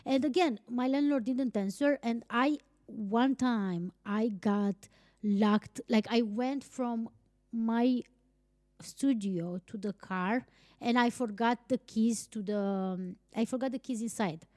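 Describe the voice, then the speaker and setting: A young woman from Romania, hosting a podcast and telling a personal story in a chatty, animated way, full of "like" fillers and casual swearing. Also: a little high, slow pace, dry recording, studio quality. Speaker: podcast host.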